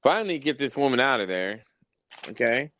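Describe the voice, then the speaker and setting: A man hosting a podcast, telling wild work stories in a casual, profane, animated way. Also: mid-range voice, moderate pace, a little hiss or hum, rough recording. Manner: profane, animated storytelling with mock exasperation. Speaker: podcast host. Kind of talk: casual storytelling chat.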